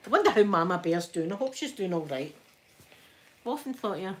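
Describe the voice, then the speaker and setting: A Scottish woman hosts a casual ASMR live stream from home, ironing as she chats with viewers and laughs often. Her mid-range voice has big pitch swings and a brisk pace broken by long pauses.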